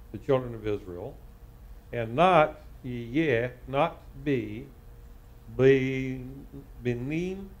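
Male rabbi leading a live Torah class, mid-pitched, works through Hebrew slowly with pauses. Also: a little mellow, lo-fi sound. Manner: slow, halting, reading Hebrew word by word and translating. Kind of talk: live Bible study lesson.

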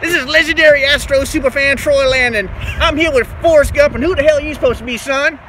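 A man voicing a loud, boastful male baseball superfan with a Texan accent, folksy and forever calling people son, as a comic vlog character. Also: very high voice, fast, slight background noise, voice pushed up. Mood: brash.

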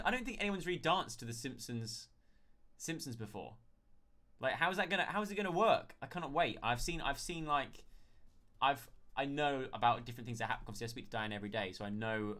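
A man's voice: medium pitch, sharp tone. A man chatting casually on a live stream, thanking viewers one by one and answering their questions.

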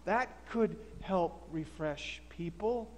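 A man's voice: high-pitched, takes it slowly, a little hiss or hum. A man pastor preaching in a folksy, stammering, think-aloud way, heard in a reverberant church hall. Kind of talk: sermon.

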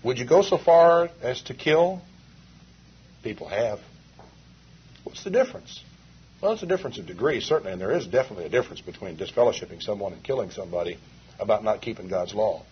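A man's voice: on the low side, expressive, a little fast, long pauses, a little hiss or hum. A male preacher delivering an emphatic sermon full of rhetorical questions, heard on a dull, lo-fi 1980s tape.

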